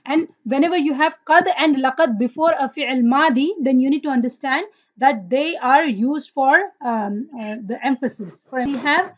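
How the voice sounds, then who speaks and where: High-voiced woman teaching Arabic grammar. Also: moderate pace. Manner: asks students questions, praises answers; recites Quranic verses in Arabic. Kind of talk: online class teaching. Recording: dull lo-fi audio.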